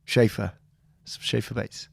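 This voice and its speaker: A man's voice: fairly low pitch, little pitch movement, measured pace, creaky, a little hiss or hum. A man co-hosting a comedy podcast, telling stories with sweary banter and mocking impressions. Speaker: podcast co-host and actor. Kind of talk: casual comedic chat.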